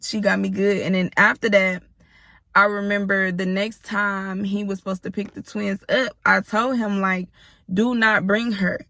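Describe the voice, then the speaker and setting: Woman, 30s, vlogger: gravelly, forceful delivery, blunt and profane, speaking straight to the audience in a dry room. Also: mid-range voice, level tone, moderate pace, dry recording. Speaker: storytime vlogger. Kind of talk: casual storytelling to camera.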